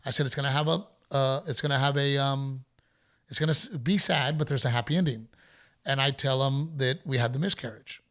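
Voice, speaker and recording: A middle-aged man hosting a podcast, telling a story in a casual, animated way and acting out other people's voices. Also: medium pitch, a little fast. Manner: animated, acts out heckler voices. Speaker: podcast host.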